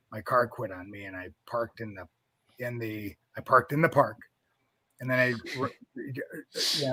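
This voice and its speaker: A man's voice: medium pitch, sharp tone, dry recording. A man in his fifties from North Dakota, a wrestling coach being interviewed, telling a long story in a rambling way with many restarts.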